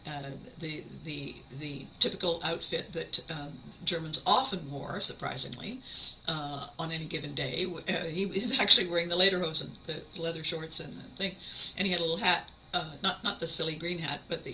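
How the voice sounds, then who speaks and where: A woman hosting a podcast, telling a personal story in an animated way and often laughing as she speaks. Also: on the low side, slight background noise, poor audio. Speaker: podcast host.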